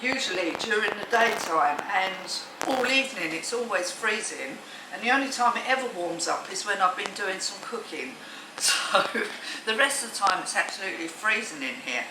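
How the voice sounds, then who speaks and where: A woman's voice: medium pitch, expressive, normal speed. Chatty woman in an echoey kitchen. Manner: chatty and enthusiastic, many ums and restarts. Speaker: home cooking vlogger. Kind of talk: casual kitchen vlog. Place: cold home kitchen. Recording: echoey room, distant mic, noisy.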